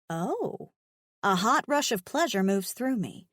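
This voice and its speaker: A woman's voice: medium pitch, very animated, slow, fairly bright tone, dry recording, studio quality. A woman narrating a first-person romance audiobook in a frank, wry, playful way.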